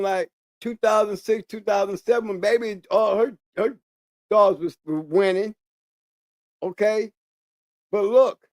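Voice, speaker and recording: In a loose, casual monologue, a man who hosts a channel talks in a notably high but darkish-toned voice. He drives points home by repeating words and starting sentences over, and the sound is close and dry with no echo.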